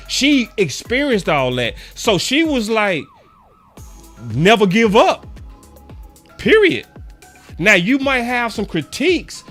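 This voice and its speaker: A man's voice: sits high, fairly bright tone. A man in his forties, a sports fan commentator, giving a passionate and repetitive rant to camera with preachy emphasis.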